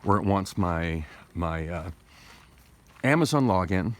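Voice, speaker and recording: A man's voice: low voice, lively intonation, slow pace. A man talking through a casual, rambling vlog monologue with many restarts, speaking through tooth pain and recorded on a phone. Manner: rambling, with frequent restarts and digressions. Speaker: vlogger. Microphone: phone camera.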